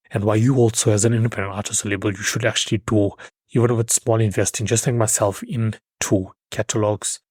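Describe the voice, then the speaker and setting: Man, podcast host, husky voice, dry close mic, emphatic, fillers. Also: fairly low pitch, dry recording. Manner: loose, emphatic, with frequent fillers and restarts. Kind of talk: solo podcast commentary.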